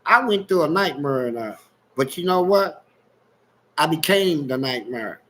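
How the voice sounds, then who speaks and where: A man's voice: a little high, expressive, a little slow, fairly bright tone, poor audio. A man telling frank, streetwise stories in a casual livestream chat and laughing along as he goes. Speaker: guest storyteller on a livestream.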